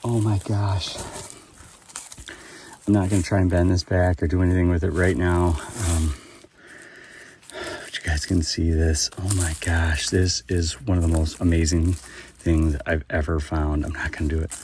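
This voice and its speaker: A man's voice: sits low, little pitch movement, measured pace, pauses often, darkish tone, far from the mic, slight background noise. A man hosting a metal detecting vlog outdoors at a dig site, talking with lots of fillers and exclamations as he digs. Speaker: metal detecting channel host.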